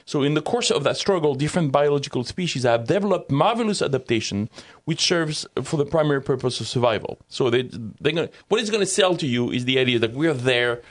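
A man's voice: mid-range voice, expressive, fast, few pauses. A man speaking with a French accent in an easygoing discussion. He talks things through thoughtfully, breaking off from reading quotations to comment on them. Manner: thoughtful, reads quotes aloud with running commentary. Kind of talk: casual discussion.

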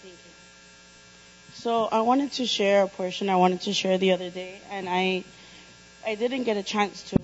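A woman's voice: mid-range voice, fairly even intonation, normal speed, long pauses. A woman sharing a reflection at a church gathering, speaking hesitantly with fillers. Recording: dull lo-fi recording with faint mains hum.

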